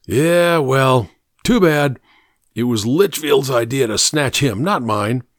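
A man with a mid-range voice and lively intonation voices a dying, cowardly fugitive who is coughing and desperate, speaking slowly with bitter defensiveness in a plaintive tone that rises to shouting. The recording is dry and studio-clean.

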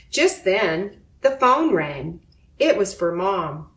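Slow, clear woman reading a storybook. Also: mid-range voice, sing-song, a bit bright. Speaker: narrator. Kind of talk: children's storybook read-aloud. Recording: roomy echo.

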